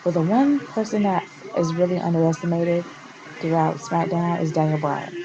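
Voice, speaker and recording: A woman's voice: on the low side, normal speed, muffled recording, crowd noise. Exasperated woman ranting to camera. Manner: passionate, exasperated, rambling with restarts. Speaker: wrestling vlogger. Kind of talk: casual opinion rant to camera.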